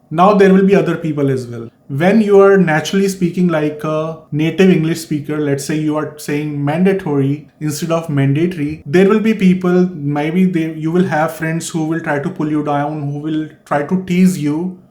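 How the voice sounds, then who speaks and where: A man's voice: on the high side, a little mellow. A man from India with an Indian accent, giving earnest, explanatory advice in a vlog and repeating his key points. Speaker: vlogger. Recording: echoey room.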